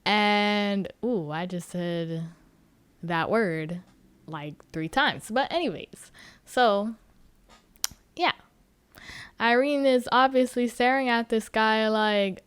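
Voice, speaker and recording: A woman's voice: medium pitch, takes it slowly, long pauses, clean tone, no room sound. A woman hosting a podcast, recapping a book in a casual, joking way with free swearing. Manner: animated, joking, swears freely. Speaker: podcast host.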